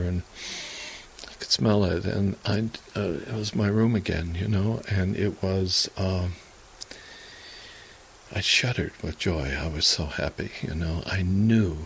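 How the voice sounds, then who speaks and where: An American man in his sixties, an interviewee recalling his past in a halting, emotional way, with many fillers and restarts. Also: sits low, gravelly, slight background noise. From United States. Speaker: interviewee, author. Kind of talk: emotional personal reminiscence.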